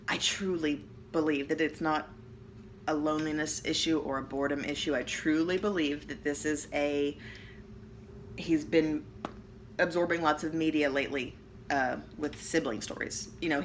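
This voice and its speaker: A bright, crisp woman's voice sitting a little low, talking straight into a hand-held phone. She rambles candidly and chattily about her home life and often pokes fun at herself. The delivery is loose and personal, like a casual home vlog. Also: fairly even intonation, a little hiss or hum. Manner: candid, chatty and self-deprecating, with quick jokes. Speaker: vlogger. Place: at home, seated. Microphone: phone camera held in hand.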